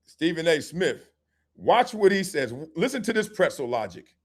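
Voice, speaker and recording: Animated man hosting a live stream. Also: on the high side, moderate pace. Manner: animated, joking, slangy, acts out scenes. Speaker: host.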